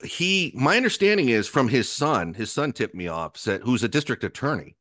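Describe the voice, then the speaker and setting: A man's voice: mid-range voice, normal speed, no room sound, clean studio sound. A man as a podcast guest, telling an anecdote in a rambling, profane way and acting out the other people in it. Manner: animated storyteller who acts out other people's lines; profane, rambling, self-interrupting.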